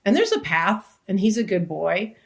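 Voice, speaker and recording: A woman's voice: mid-range voice, sing-song, moderate pace, gravelly. A woman actor and comedian, a podcast guest telling loose, rambling stories with restarts and the odd swear word. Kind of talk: casual podcast chat.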